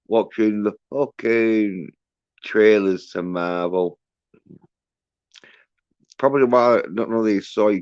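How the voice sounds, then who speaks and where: A man's voice: fairly low pitch, darkish tone, no room sound, muffled recording. A man hosting a livestream, ranting in a rambling, profane way with many fillers and restarts. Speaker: livestream host.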